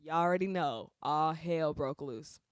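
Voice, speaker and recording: A woman's voice: deep voice, unhurried, clear, resonant tone, dry recording. A woman hosting a casual livestream from her bedroom on a small close mic, chatty and slangy, laughing often. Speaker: livestream host.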